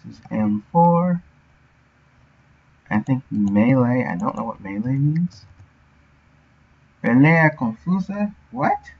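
This man's mid-range voice is sing-song, slow and gravelly, with a breathy edge and frequent pauses. He's streaming game development, muttering to himself, sounding out words and thinking through his work aloud. Dull lo-fi audio.

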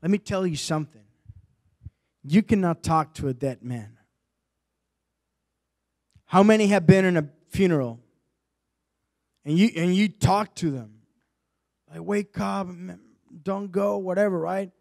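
A male preacher delivering a sermon, rising from quiet storytelling to loud, impassioned exhortation. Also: high voice, animated, unhurried, pauses often.

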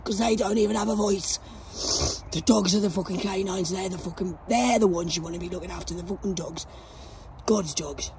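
A hoarse woman filming herself outdoors at a cemetery on a phone, rambling to camera in a profane and agitated way and coughing now and then. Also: mid-range voice, a little fast, background noise. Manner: profane, agitated and loud, veering off topic. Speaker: vlogger.

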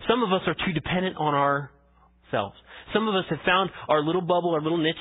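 Male pastor, higher-pitched husky voice, conversational sermon, thin phone-like recording. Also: quick pace. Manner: conversational preaching, swings between emphatic and hushed. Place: church sanctuary. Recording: tinny phone-like church audio.

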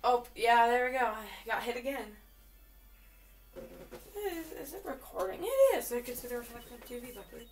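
An excitable woman chatting through a game as she plays, often repeating words in quick bursts. Her voice is fairly high and swoops up and down a lot. She sits back from the mic, with faint game music underneath. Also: far from the mic. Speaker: gamer. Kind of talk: live game commentary.

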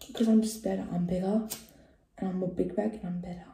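A woman talks through her makeup routine in a loose, joking way and slips into whispers now and then. Her voice is very dark and mellow with a gravelly fry. She sounds echoey, as if recorded in a bare room at home. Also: mid-range voice, steady tone, fast talker. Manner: chatty and joking, often dropping to a whisper. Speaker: beauty vlogger. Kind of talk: casual makeup tutorial chat.

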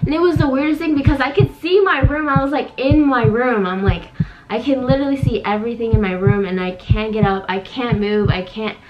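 A woman's voice: on the high side, a little fast, highs cut off, over music. A young woman casually telling a vivid story to camera, with lots of fillers, as co-host of a couple's channel. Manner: animated, many fillers, dramatic retelling.

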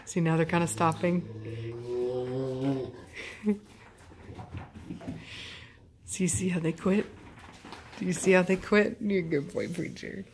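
Woman dog breeder, casual home vlog narration, slightly low pitch, amused and chatty. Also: steady tone, slow pace, long pauses, a little hiss or hum. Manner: chatty, amused, laughs often. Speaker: dog breeder filming her dogs. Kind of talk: casual running commentary. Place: home with dogs playing nearby.

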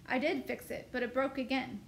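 A woman's voice: sits high, fairly even intonation, brisk, gravelly, a little hiss or hum. A woman reading a novel aloud, voicing a pert, teasing farm boy in a plain, lightly voiced way.

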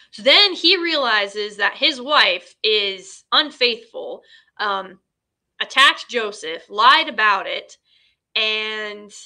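A woman's voice: mid-range voice, pushed and bright. A woman hosting a casual film recap, chatty and full of fillers, retelling scenes in quoted dialogue. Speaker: host.

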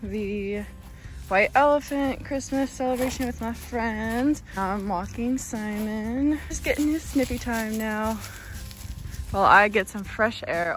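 A woman vlogging casually outdoors while walking her dog, slipping into high sing-song baby talk to praise him. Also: measured pace, soft background music. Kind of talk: casual vlog.

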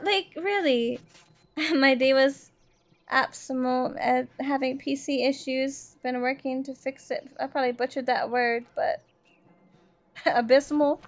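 A woman's voice: high-pitched, fairly bright tone, dull audio. A woman livestreamer chatting casually and profanely with her chat while she plays a game. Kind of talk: casual live-stream chat while gaming.

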